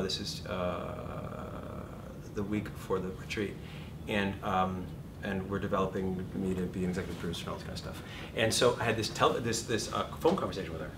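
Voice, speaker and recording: Animated fifty-something acting teacher, swearing. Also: male voice. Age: 50s. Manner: animated, swearing, self-deprecating storyteller. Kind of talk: live seminar talk. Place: classroom seminar. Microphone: distant room mic. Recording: echoey room, far mic, rumbling noise.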